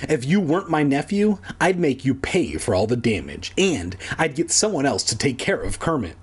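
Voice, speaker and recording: A man's voice: mid-range voice, sing-song, normal speed, breathy edge. A man voicing a stern, fussy middle-aged aunt who scolds the kids in her care. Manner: scolding, clipped and bossy.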